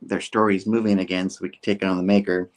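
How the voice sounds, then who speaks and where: Self-assured rich genius, measured and explaining, as a man puts him on. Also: deep voice, little pitch movement, natural voice.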